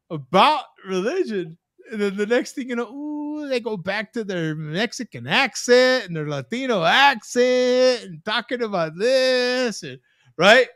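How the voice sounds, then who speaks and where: Animated man telling rambling stories. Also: very high-pitched, dry recording, studio quality. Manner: rambling storyteller, tag questions. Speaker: host. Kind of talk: casual chat. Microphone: video call.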